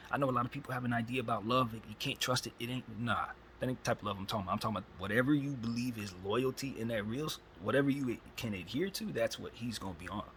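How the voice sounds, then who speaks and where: Male host, gravelly voice, rambling slangy spiritual talk, phone recording with light background hiss. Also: fairly low pitch, fairly bright tone, poor audio. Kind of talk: spiritual monologue.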